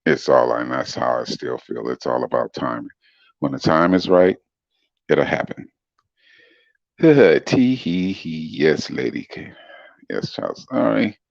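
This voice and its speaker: A middle-aged man with a very deep, smooth voice chatting casually on a livestream, laid-back and chuckling as he greets commenters by name. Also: moderate pace, no echo. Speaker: livestream guest reading chat comments. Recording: dull dry lo-fi stream audio.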